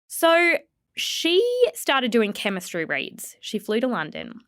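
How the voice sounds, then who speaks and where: A woman's voice: fairly high pitch, sing-song, takes it slowly, a bit bright, no room sound. A woman hosting a podcast, playfully retelling celebrity gossip in casual chat. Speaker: podcast host.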